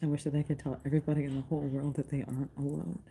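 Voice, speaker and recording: A woman with a low voice hosts a casual livestream. She talks in a rambling, emotional way and often restarts her sentences. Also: level tone, very fast, vocal fry, mellow, slight background noise. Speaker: livestream host and tarot reader.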